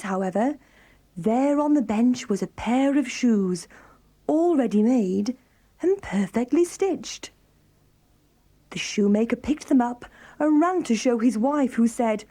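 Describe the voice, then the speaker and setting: A woman narrating a children's fairy tale in a calm, even storybook telling. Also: on the high side.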